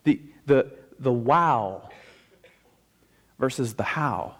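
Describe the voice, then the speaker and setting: A male pastor giving a conversational sermon, stressing key phrases slowly and emphatically. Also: medium pitch, darkish tone.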